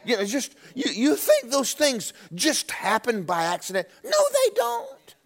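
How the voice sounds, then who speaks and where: A man's voice: wildly swooping pitch, a little slow, creaky. A man preaching a sermon and telling a personal story, stumbling over and repeating words as he talks. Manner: drops low and quiet for quoted speech.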